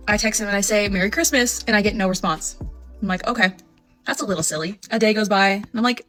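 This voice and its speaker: A woman in her twenties telling a casual storytime, chatty and animated, acting out her own texts. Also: mid-range voice, fast talker, soft background music. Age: 20s. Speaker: storytime vlogger.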